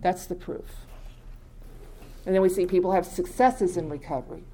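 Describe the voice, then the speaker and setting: A woman's voice: fairly low pitch, moderate pace, warm tone. Woman at a recovery meeting, talking straight to the group, conversational, keeps asking the room questions. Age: adult with many years in recovery. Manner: conversational, quizzes the audience, laughs often. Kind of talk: informal talk to a group.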